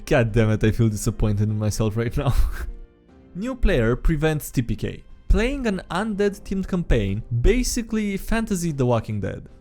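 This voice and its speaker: Man, story reader, lively pitch, laughs a lot, faint music behind. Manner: laughs often, animated asides. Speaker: narrator reading stories. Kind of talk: reading stories aloud with comments.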